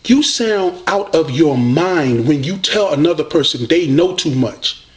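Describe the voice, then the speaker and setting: Man, confrontational rant, mocking and preachy, high-pitched, very lively delivery. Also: unhurried, soft background music. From United States. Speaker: online debater addressing a rival.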